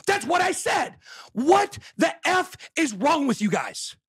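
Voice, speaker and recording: A man hosting a live show, ranting loudly and exasperated, often shouting. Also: extremely high pitch, very animated, takes it slowly, no room sound, studio quality. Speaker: show host. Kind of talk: heated rant on a live show.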